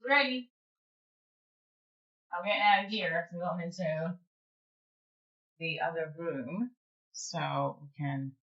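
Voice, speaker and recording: A woman's voice: low-pitched, steady tone, takes it slowly, pauses often, dull audio. A woman from New Jersey with a New Jersey accent, chatting casually and rambling with lots of fillers as she hosts a livestream from home on her phone. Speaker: livestream host. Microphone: phone camera.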